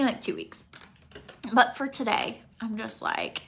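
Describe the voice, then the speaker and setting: A woman around forty, teary and emotional, rambling casually while doing her makeup at home and sometimes dropping to soft near-whispers. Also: fairly high pitch, animated, a little slow, creaky, a little hiss or hum. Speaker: makeup vlogger.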